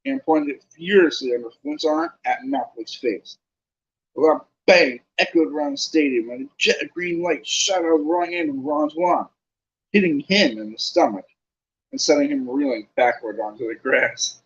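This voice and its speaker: A man narrating an audiobook, reading lively with casual asides. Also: on the high side, normal speed, dull audio.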